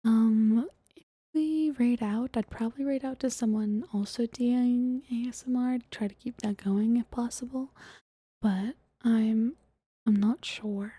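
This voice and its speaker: A young woman streaming as a VTuber, chatting softly and giggling in a half-whisper after an ASMR stream. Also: fairly high pitch, steady tone, measured pace, husky, no room sound. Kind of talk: soft-spoken ASMR stream chat, often whispered.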